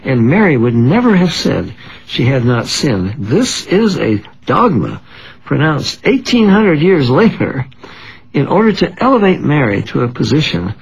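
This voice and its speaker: An older man with a gravelly, husky voice lays out scripture in an emphatic, preacherly way. His pitch swings widely as he presses each point home. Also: very animated, a little slow, lo-fi sound. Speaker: guest Bible teacher. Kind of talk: conversational religious discussion.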